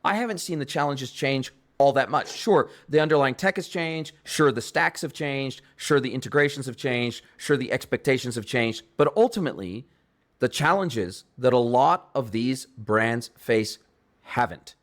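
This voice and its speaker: A man in his forties hosts a podcast interview. He talks in an effusive, enthusiastic way at an average pitch and stacks up repeated phrases for emphasis. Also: moderate pace, a bit bright. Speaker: podcast host. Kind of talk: interview conversation.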